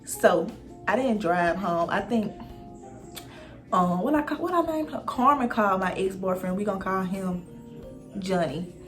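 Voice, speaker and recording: A young woman casually telling her viewers a story, animated and profane, talking straight to them. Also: medium pitch, a little slow, long pauses, soft background music.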